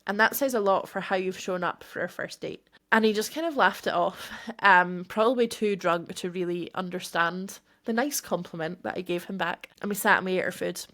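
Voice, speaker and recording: A woman's voice: fairly low pitch, a little fast. A woman podcast host, telling a personal story and acting out the dialogue. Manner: animated, acts out quoted dialogue.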